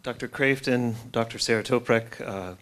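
A man moderates a public forum, posing questions in a polite, halting way. His voice sits at a middling pitch, and he pauses often to find his words. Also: a bit bright.

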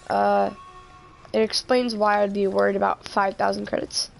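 A woman's voice: medium pitch, little pitch movement, moderate pace, gravelly, faint music behind. A woman streaming a game live, chatting casually and joking, often trailing off mid-sentence.

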